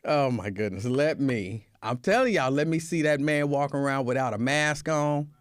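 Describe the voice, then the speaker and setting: A man hosting a casual livestream show, telling a story in an animated way, laughing often and acting out scenes. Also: medium pitch, normal speed, no echo. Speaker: show host.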